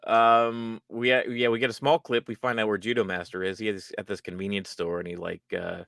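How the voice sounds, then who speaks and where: A man with a low, forceful, bright voice talks through a TV episode in casual podcast chat. He rambles with plenty of ums and restarts, often breaking into laughter. The sound is dry and close. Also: little pitch movement, fairly quick, creaky, no echo. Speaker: podcast co-host.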